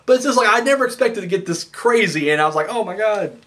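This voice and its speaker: A young man giving a rambling, excitable review of a wrestling show, swearing freely and correcting himself as he goes. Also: high voice, quick pace. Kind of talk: casual spoken review.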